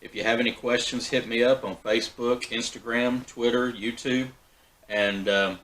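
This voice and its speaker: A man hosting a backyard barbecue vlog, talking in a relaxed, folksy way with fillers and restarts. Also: mid-range voice, moderate pace, rough recording. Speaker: backyard BBQ channel host. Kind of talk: casual cooking vlog.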